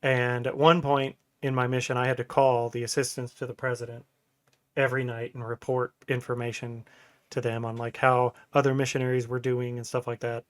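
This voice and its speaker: A man in his thirties co-hosts a relaxed podcast, wandering through stories with frequent laughter. His voice sits at a mid pitch. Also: fairly quick. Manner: rambling storyteller who laughs often. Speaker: podcast co-host. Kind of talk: casual podcast chat.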